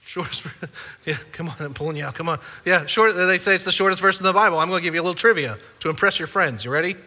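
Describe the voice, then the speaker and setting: A man's voice: sits high, quick pace, sharp tone, long reverb tail. A man preaching a sermon as a pastor, conversational and playful with the congregation. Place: church auditorium.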